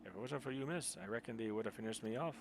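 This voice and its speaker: A man's voice: medium pitch, racing, vocal fry, background noise, natural voice. A man voicing a wounded male soldier who speaks in an earnest, bitter way.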